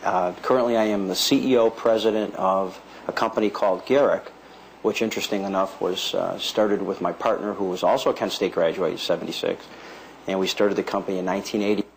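A man in his sixties introducing himself deliberately, with some fillers. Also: low voice, steady tone, creaky, a little hiss or hum, rough recording. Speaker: company CEO. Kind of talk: formal self-introduction.

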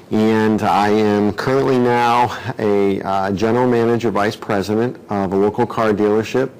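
A man's voice: on the low side, a little mellow, low-quality recording. A man who manages a car dealership, introducing himself hesitantly with many fillers. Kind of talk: casual self-introduction.

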